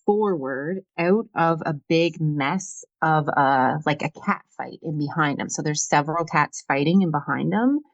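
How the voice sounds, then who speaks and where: A woman's voice: sits low, unhurried, few pauses, dry recording, highs cut off. A woman co-hosting a casual tarot reading chat, musing aloud with many fillers. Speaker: tarot reader co-host.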